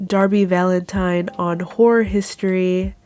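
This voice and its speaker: A young woman in her twenties narrating a monthly favorites vlog in a calm, measured, gently enthusiastic way, her voice nasal and stuffed up from a cold. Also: fairly low pitch, clear, resonant tone. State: congested with a cold. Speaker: YouTuber.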